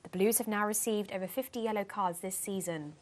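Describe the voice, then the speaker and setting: A woman reading sports stats in a put-on posh newsreader voice with prim, crisp enunciation. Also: mid-range voice, fairly quick, background noise, natural voice. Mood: mock posh.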